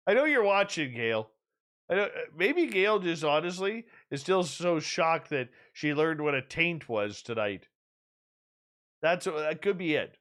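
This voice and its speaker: A male radio show host in loose, casual chat. He teases and jokes. His voice rises and falls with a lively, swinging intonation. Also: on the high side. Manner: joking, teasing, animated.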